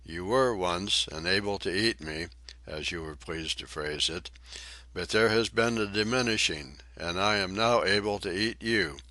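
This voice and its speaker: A man playing a stern, defiant gentleman. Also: low-pitched, unhurried, dry recording.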